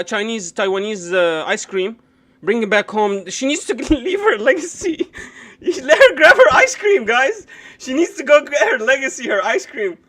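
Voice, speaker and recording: A man hosting a live stream, ranting sarcastically and swearing as he reacts to a video clip. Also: extremely high pitch. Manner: loud, mocking, sarcastic, swears often. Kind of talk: profane, animated live-stream rant.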